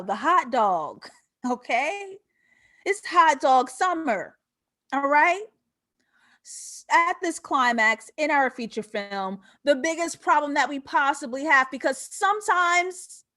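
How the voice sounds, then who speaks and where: High-voiced woman hosting casual film talk. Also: unhurried. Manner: animated, profane, laughs often, talks to viewers as "y'all". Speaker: host of a film breakdown show. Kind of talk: casual live-stream commentary.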